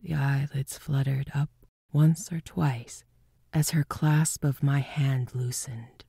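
Slow, husky woman narrator, hushed reading of a ghost story, often whispered. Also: extremely low pitch, fairly even intonation, no echo, clean studio sound.

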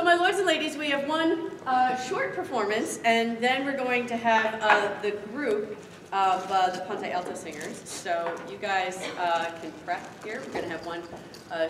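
A woman emceeing a festival performance session, brisk with hesitant fillers and formal address to the audience. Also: a little high, background noise. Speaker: event organizer and emcee. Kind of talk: announcing to an audience. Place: event hall at a medieval arts festival. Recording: echoey hall from far off.

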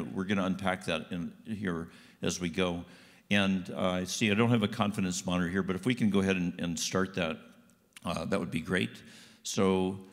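A man's voice: sits low, in a large hall. A man giving a guest sermon in a church, folksy and conversational. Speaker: guest speaker. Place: church sanctuary.

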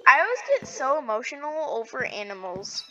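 A woman chatting casually while playing a video game, excitable and giggly, gasping and stammering as she goes. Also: high-pitched, normal speed, muffled recording, soft background music. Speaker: gaming video host. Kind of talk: casual gameplay chat.

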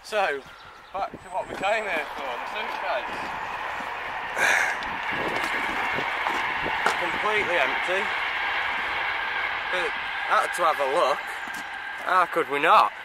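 A man vlogging casually outdoors while magnet fishing, chatty and talking softly to a turtle he has found. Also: a little high, takes it slowly, long pauses, heavy background noise. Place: riverbank outdoors.

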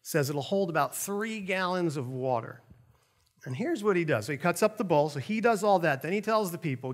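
A man's voice: sits high, normal speed. A middle-aged man giving a conversational Bible lesson, laughing often and acting out the quotes with a raised voice. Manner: animated, laughs often, acts out quotes loudly. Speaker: Bible teacher.

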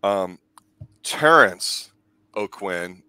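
A man's voice: low-pitched, animated, very slow, sharp tone, clear, resonant tone, dry recording. A man co-hosting a movie review podcast, cutting in with teasing, mock-formal remarks. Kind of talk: casual chat.

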